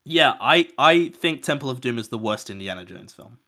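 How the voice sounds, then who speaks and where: This man talks about films with a bright, forceful edge. He sounds casual and animated, swears freely and often starts his sentences over. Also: medium pitch, moderate pace, no room sound. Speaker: podcast host. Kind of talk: casual film chat.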